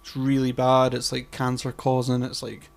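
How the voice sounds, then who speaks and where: A man's voice: medium pitch, monotone, normal speed, gravelly. A man co-hosting a casual podcast chat, rambling with lots of fillers, restarts and casual swearing. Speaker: podcast co-host.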